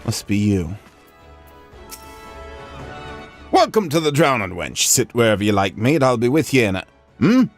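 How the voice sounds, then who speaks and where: A man voicing a brash, gruff middle-aged tavern keeper in a game, with a rough, slangy attempted Cockney accent. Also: medium pitch, big pitch swings, brisk, dry recording, soft background music. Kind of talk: reading game dialogue aloud on a stream.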